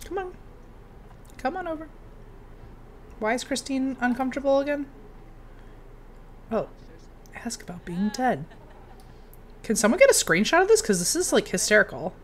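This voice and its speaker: A young woman giving casual commentary while playing a game, chatty and given to sudden excited outbursts. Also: sits high, normal speed, long pauses, a little hiss or hum. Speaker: game streamer.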